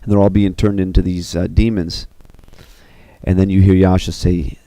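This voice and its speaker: Deep, gravelly man retelling a film. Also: moderate pace, no room sound. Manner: animated, filler-heavy with you know and uh. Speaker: storyteller recounting an animated film. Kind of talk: casual retelling.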